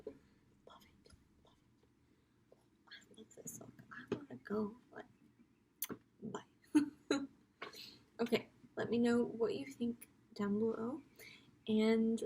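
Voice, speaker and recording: A woman's voice: a little high, warm tone, a little hiss or hum. A young woman chatting casually through a makeup tutorial at home, giggling often and slipping into whispers. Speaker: makeup vlogger.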